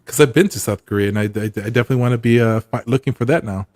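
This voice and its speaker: A man's voice: mid-range voice, rapid-fire, a little mellow, dry recording, clean studio sound. A man in casual chat, telling stories in a loose, rambling way full of restarts and trailing asides.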